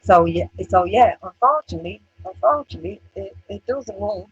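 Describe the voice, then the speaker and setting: A woman's voice: medium pitch, a little fast, hardly any pauses, slightly rough, dull audio. A woman co-hosting a casual chat show, blunt and sweary, acting out what others say about her. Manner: blunt, sweary, animated, acts out other people's remarks. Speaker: co-host.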